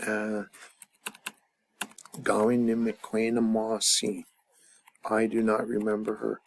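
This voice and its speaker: Gravelly guy working thru grammar at a chart, lots of uh and restarts. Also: on the low side, completely flat delivery, slow. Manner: thinks aloud with many fillers. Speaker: language teacher. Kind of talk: casual grammar lesson at a chart.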